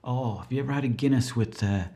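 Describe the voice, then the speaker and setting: A man's voice: medium pitch, quick pace, dark tone. A man with an Irish accent hosting a comedy podcast in a rambling, chatty, self-mocking monologue. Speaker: podcast host.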